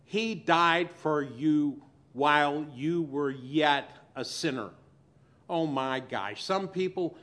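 Pastor guy preaching real slow, bit high-pitched, goes loud then drops soft. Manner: swings between loud emphasis and soft asides. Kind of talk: sermon.

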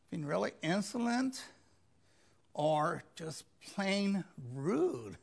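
A man's voice: high voice, creaky, a bit bright. A man preaching a sermon, retelling scripture in a conversational way and mimicking pleading voices. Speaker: pastor.

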